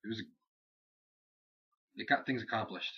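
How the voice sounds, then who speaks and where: A man's voice: fairly low pitch, unhurried, breathy edge. A young man co-hosting a wrestling review show, casually rambling through recaps and acting out lines. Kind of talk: casual chat. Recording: dull lo-fi home recording.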